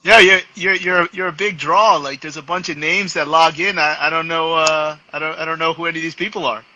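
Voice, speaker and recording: A middle-aged man with a New York accent hosting a casual live chat, talking haltingly with many restarts and slipping into Spanish. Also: a little high, steady tone, bright, forceful tone, dull audio, slight background noise. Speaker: host.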